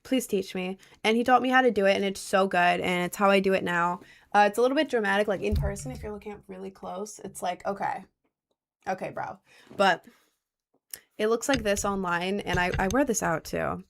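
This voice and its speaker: A woman's voice: mid-range voice, a little fast, creaky. A young woman livestreaming from home, chatting casually and answering viewer messages, rambling with lots of fillers. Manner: rambling with many likes and I don't knows.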